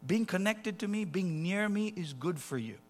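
Animated man preaching a sermon. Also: high-pitched, normal speed. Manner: animated, swings between soft asides and loud acted quotes.

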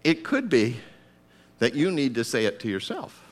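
A man preaching a sermon, acting out voices and breaking into shouted calls to get up. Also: mid-range voice, wildly swooping pitch, moderate pace.

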